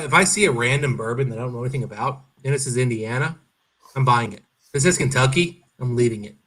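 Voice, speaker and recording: A man in casual chat, telling an animated story and swearing freely. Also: medium pitch.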